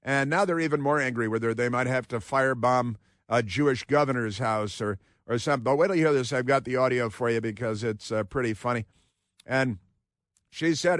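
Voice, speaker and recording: Male talk radio host, sarcastic and mocking, mid-pitched, dry close studio sound. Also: a little fast, a bit bright, no room sound. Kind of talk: political talk radio monologue.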